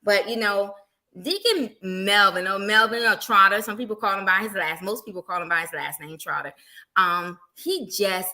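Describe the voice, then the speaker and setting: Brief: middle-aged woman evangelist, bright, clear tone, lively storyteller talking about faith and family. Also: mid-range voice, normal speed. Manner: animated storytelling, acting out everyday quotes. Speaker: guest evangelist. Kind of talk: casual faith testimony.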